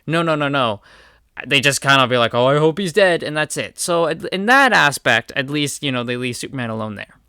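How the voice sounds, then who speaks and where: A man's voice: medium pitch, expressive, fairly quick, bright, forceful tone, smooth, no echo, studio quality. A man giving a heated video rant, stressing his points by repeating words. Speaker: video commentator. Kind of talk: ranting video commentary.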